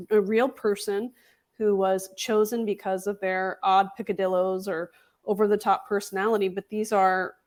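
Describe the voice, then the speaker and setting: A woman guest in an interview, articulate and assured, explaining her views at length. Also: medium pitch. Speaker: podcast host guest. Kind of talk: interview answers.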